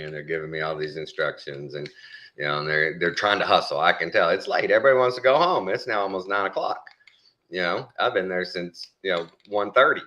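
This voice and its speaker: This is a middle-aged man with a very low voice and a crisp, bright edge to it. He tells a story in relaxed, casual chat. When he quotes other people, he jumps up into high, animated voices.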